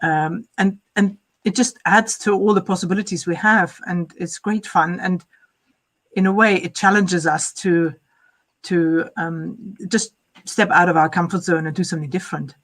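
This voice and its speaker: A woman's voice: fairly low pitch, fairly even intonation, moderate pace. Thoughtful woman photographer, hesitant. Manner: thoughtful, slightly hesitant with fillers. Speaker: photographer guest. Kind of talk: casual interview answers.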